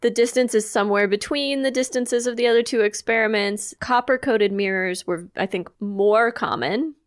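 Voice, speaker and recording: A woman's voice: fairly high pitch, normal speed. A woman co-hosting a podcast, chatting casually and explaining facts she has researched. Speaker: podcast co-host. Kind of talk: casual chat.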